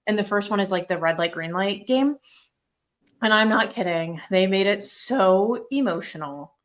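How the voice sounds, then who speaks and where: A young woman talking casually as a podcast co-host. Her voice sits at an ordinary middle pitch. She chats with a friend, laughs easily and fills her sentences with "like.". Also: moderate pace. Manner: chatty, laughs easily, says "like" often. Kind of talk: casual chat.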